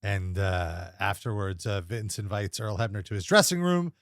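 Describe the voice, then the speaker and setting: A man's voice: on the low side, moderate pace, dry recording, studio quality. A young man co-hosting a casual wrestling review podcast, recapping matches with frequent laughs and playful impressions. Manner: lively recapper, laughs often, mimics wrestlers and announcers. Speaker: co-host reviewing wrestling episodes.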